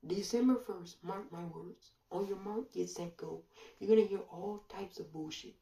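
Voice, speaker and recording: Woman ranting sarcastically at the camera, very dark mellow voice, echoey room, kinda far from the mic. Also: medium pitch, gravelly. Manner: sarcastic, rhetorical questions, drawn-out pauses. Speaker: online commentator. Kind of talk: monologue commentary. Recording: roomy echo, voice away from mic.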